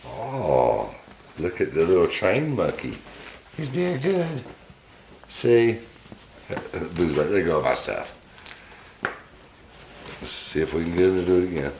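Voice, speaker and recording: A man's voice: deep voice, wildly swooping pitch, unhurried, long pauses, reverberant, noisy background. A man hosting a casual pet vlog from his home, chatting to his pets in a doting, chuckly way. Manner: doting, chuckling, softens to cooing. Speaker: pet owner and channel host.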